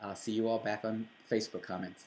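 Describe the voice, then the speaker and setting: A man's voice: lowish voice, flat delivery, fairly quick, a little mellow, roomy sound, low-quality recording. A man reading a scene from his own novel aloud, voicing the characters in a near-plain voice with small stumbles. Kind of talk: book reading.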